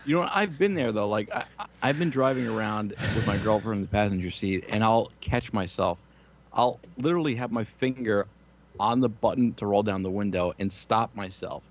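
Lower-voiced man in his thirties, crude storyteller. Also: normal speed, slight background noise. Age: 30s. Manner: crude, rambling, self-mocking anecdotes. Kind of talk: casual storytelling chat.

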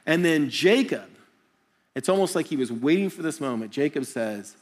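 Man, middle-aged, pastor, sermon, animated storytelling, higher voice. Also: moderate pace.

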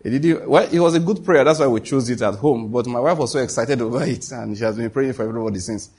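A middle-aged man, preaching a sermon to a congregation and leading call-and-response, animated and quick to laugh. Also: mid-range voice, breathy edge. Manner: animated, laughs often, shifts to quoted voices. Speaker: pastor. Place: church hall before a congregation.

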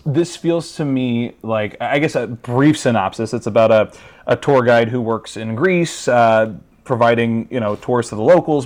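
A man talking as a guest on a casual podcast, relaxed and rambling, filling pauses with plenty of uhs. His pitch is ordinary, neither high nor low. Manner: relaxed, rambling with many fillers.

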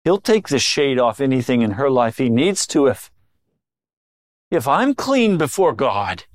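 Male pastor, middle-aged, sermon delivery, unhurried, drops low then punches lines up high. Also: very animated, no room sound. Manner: dramatic swings between low intimate tones and raised emphatic lines.

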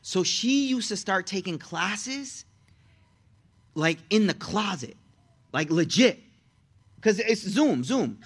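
A young man delivers a casual sermon in a high voice, animated and slangy, acting out the people in his stories. His pitch swings from bright peaks down to low, quiet asides. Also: takes it slowly, long pauses, breathy edge. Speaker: religious teacher.

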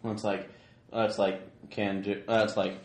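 Male player with a cold, low voice, roomy recording, clear background noise. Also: level tone, moderate pace. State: has a cold. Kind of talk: tabletop role-play.

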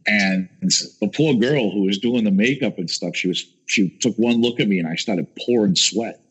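A man chatting casually as a guest, telling lively stories, acting out quotes and swearing freely. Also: fairly low pitch, moderate pace, slightly rough, highs cut off. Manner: animated storyteller, acts out quotes, swears. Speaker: guest, chef. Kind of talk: casual chat.

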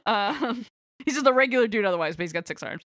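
A woman's voice: a little high, animated, quick pace, a bit bright, dry recording, clean studio sound. Giggly woman recapping a story. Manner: giggly, rambling with many fillers. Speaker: podcast co-host recapping a book. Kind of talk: casual chat.

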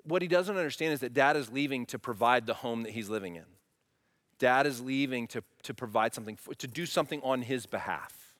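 Bright-voiced preacher in a reverberant hall. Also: male voice, medium pitch, a little fast. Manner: animated preaching, asks the congregation questions. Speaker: pastor. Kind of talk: sermon.

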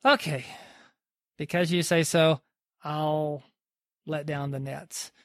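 A man's voice: a little high, fairly even intonation, slow, a bit bright, dry recording, studio quality. A preacher voicing a tired fisherman. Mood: weary. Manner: casual, exasperated pleading. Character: weary grown male fisherman, tired and reluctant.

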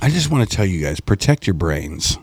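A man co-hosting a podcast in casual chat, earnest and quick to jump in with questions. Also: deep voice, sing-song, husky. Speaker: podcast co-host.

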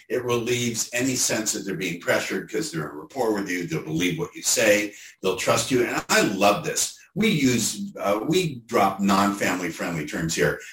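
A podcast host with a lowish male voice leans in eagerly and restates the guest's ideas. The sound is roomy, and he sits back from the mic. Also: fairly bright tone, far from the mic. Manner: enthusiastic, sums up the guest's points. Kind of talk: casual interview chat.

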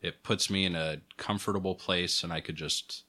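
A man's voice: deep voice, moderate pace. A man co-hosting a podcast, talking casually and hesitantly with lots of fillers. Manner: relaxed, hesitant, many fillers. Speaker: podcast co-host. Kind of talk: casual chat.

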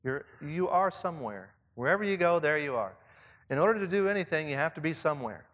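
A man's voice: fairly high pitch, expressive, fast, a bit bright. A man leading church leaders in a conversational sermon, reflective and asking his listeners questions. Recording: long reverb, as in a hall.

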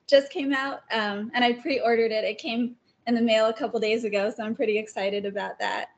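A woman guest talking casually about her favorite writers, chatty and quick to laugh. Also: fairly high pitch, fairly even intonation, dull audio. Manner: chatty, laughs often, many fillers. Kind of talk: casual interview chat.

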